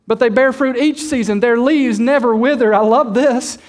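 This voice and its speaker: Man, pastor, very high voice, emphatic sermon, repeats words for weight, questions the congregation. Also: normal speed. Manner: emphatic preaching, repeats and stretches key words; addresses the congregation directly with questions.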